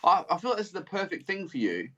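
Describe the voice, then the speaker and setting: A man's voice: high voice, big pitch swings, fast talker, a bit bright, lo-fi sound. Sweary rambling man on a podcast. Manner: swears a lot, rambling, searching for words. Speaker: comedian guest. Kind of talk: casual chat. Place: at home studio. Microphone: video call.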